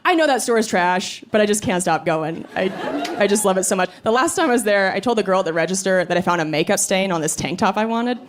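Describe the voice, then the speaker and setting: A woman in her thirties doing a stand-up comedy set, telling stories quickly with chuckles. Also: mid-range voice. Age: 30s. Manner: fast animated storytelling with chuckles. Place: comedy club stage. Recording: live club with audience and room noise.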